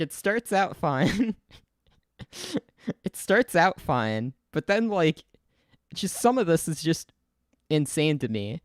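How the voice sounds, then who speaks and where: A man's voice: medium pitch, smooth, no echo, clean studio sound. Rambling, giggly young man streaming. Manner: rambling, giggly, lots of fillers and restarts. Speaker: livestreamer. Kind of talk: casual stream commentary. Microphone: desk mic, untested.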